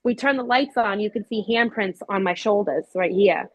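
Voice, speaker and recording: Woman, casual storyteller with lots of ums, lively quoted voices, dry recording. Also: medium pitch, moderate pace, no room sound, rough recording. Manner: animated, acts out quoted voices with many fillers. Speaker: paranormal investigator.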